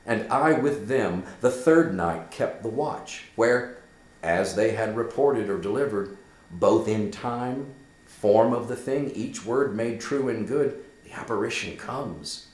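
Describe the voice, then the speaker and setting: A man's voice: fairly low pitch, slow pace, darkish tone, voice pushed up. A man reading a loyal, earnest young friend. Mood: solemn report. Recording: echoey room.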